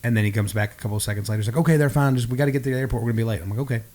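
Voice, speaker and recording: A man co-hosting a podcast, telling a story in a casual, animated way and acting out the dialogue. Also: medium pitch, rapid-fire. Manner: animated, acts out quoted dialogue. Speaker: podcast co-host.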